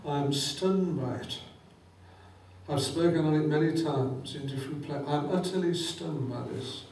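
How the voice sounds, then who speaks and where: A man's voice: on the high side, moderate pace, a little mellow, slight background noise. A man preaching a sermon, fervent and quoting scripture with rising emphasis. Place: church hall. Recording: echoey church hall, mic at a distance.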